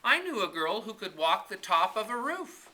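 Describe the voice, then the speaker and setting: A man's voice: high voice, moderate pace, pitched above the performer's own voice, full character voice, low-quality recording. A man voicing an eager, dramatic young girl in a storybook reading. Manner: excitable, theatrical.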